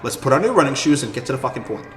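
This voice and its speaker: A man from New York with a New York accent, talking loudly and swearing freely in casual chat. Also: mid-range voice, very animated. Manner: loud, fast, swears freely. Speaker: community member on stream talk. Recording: echoey room, clear background noise.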